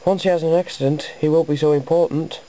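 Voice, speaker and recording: A narrator voicing a kind-hearted male diesel engine, calm and reassuring. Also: medium pitch, fast, close to an everyday voice, low-quality recording.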